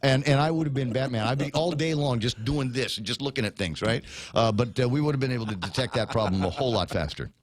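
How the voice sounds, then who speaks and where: A man's voice: mid-range voice, fast talker. Joking, rambling male radio host. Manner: rambling, joking, many fillers and restarts. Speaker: radio talk show host. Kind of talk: casual morning show chat.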